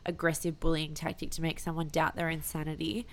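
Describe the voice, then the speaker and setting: A woman's voice: low-pitched, a little fast. A woman chatting casually as a podcast co-host, telling stories animatedly with lots of fillers. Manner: animated storytelling with many fillers. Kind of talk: casual chat.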